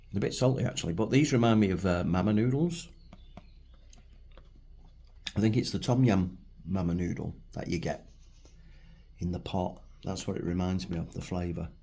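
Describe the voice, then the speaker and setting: A middle-aged man with a Manchester accent reviews food at a table in his home for his vlog, chatting and rambling casually with a self-deprecating streak. His voice sits on the low side, with a dark, husky tone.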